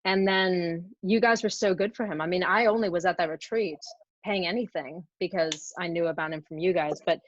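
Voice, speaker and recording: A woman's voice: lowish voice, normal speed, slight background noise. A woman in a casual chat, telling a story in a chatty way and filling it with "like". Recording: dry, dull lo-fi sound.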